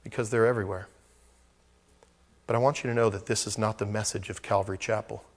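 A man preaching a sermon as a pastor, swinging between loud exclamations and hushed asides. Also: lowish voice, fairly even intonation, quick pace, long reverb tail.

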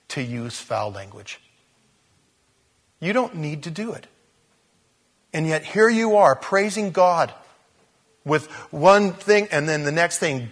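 A husky-voiced male preacher delivers a lively sermon in a church. His pitch sits a bit high and swings widely as he jokes and acts out each scene. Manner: jokey, storytelling preacher who acts out scenes. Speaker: pastor.

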